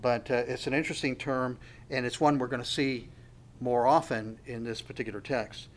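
A man's voice: medium pitch, steady tone, moderate pace. A man preaching a conversational sermon in a reflective way, asking his listeners questions as he goes.

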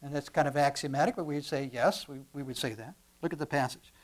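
Male pastor mid-sermon, animated, jumps from quiet to loud, stumbles and repeats words as he goes. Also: fairly high pitch, fast. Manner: repeats words when restarting.

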